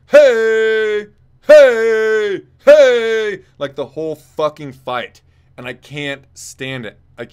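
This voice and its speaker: A man's voice: medium pitch, fairly bright tone. A man co-hosting a fight preview show in casual chat, rambling and blunt, and he swears freely. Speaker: co-host rating fights.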